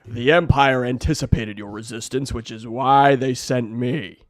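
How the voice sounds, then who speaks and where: A man voicing a domineering alien warlord who booms slow, commanding threats. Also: dry recording, studio quality, lightly acted. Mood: menacing.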